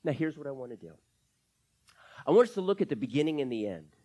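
A pastor preaching with a lively, swooping voice that rises and falls widely. The voice sits at a middle pitch and keeps asking the congregation questions while explaining scripture verse by verse. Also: quick pace. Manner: animated preaching with rhetorical questions. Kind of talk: sermon.

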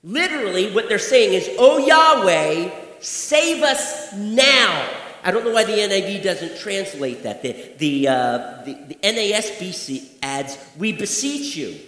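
A man preaching a sermon as pastor, swinging between quiet explanation and loud, urgent shouts. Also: high-pitched, animated, normal speed, few pauses, echoey room, big-room sound.

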